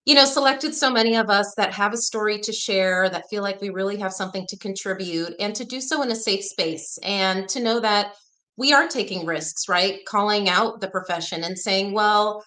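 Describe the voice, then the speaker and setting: A woman lawyer giving a talk at an online summit, speaking in a direct and energetic way. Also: mid-range voice, moderate pace. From Texas, USA.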